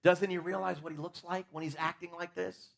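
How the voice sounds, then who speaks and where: A man's voice: high-pitched, level tone, brisk, creaky, fairly bright tone. A man preaching a conversational sermon in a church, asking his listeners questions and talking openly about his own faults.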